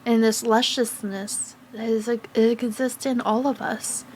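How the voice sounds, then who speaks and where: A woman reads oracle cards in a soft, affirming way, slowing down and pausing between her words. Her voice sits a little high. A faint hiss of noise runs under the recording. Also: flat delivery. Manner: soft, slow, affirming, with pauses and fillers. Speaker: tarot and oracle card reader. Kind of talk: gentle spiritual card reading.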